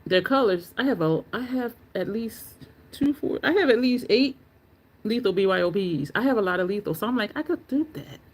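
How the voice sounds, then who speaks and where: A woman in a casual livestream chat, rambling through her opinions with plenty of ums and restarts. Her voice sits at an ordinary middle pitch for a woman. She talks loosely and chattily, as a beauty channel host answering her viewers. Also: animated, brisk.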